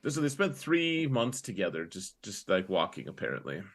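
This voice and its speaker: A young man co-hosting a relaxed podcast chat in a lowish voice. He rambles through his thoughts with plenty of fillers, slipping into quick quoted lines as he retells scenes. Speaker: podcast co-host. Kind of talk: casual chat.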